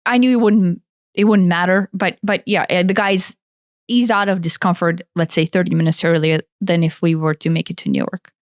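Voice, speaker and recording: A woman's voice: lowish voice, steady tone, moderate pace, dry recording, studio quality. A woman from Ukraine, a podcast co-host and energy healer, telling a travel story in a rambling way that often restarts. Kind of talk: casual storytelling chat.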